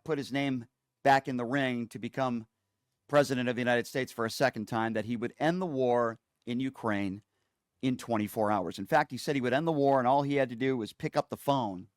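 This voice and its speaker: A man's voice: mid-range voice, no room sound, studio quality. A male political talk show host giving scornful, mocking commentary.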